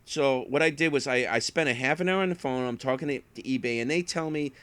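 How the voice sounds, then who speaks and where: A man's voice: mid-range voice, quick pace, fairly bright tone, clear, resonant tone, no room sound. Guy rambling about stuff he sold, dry close sound, acts out the quotes. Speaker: online reseller. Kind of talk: casual chat.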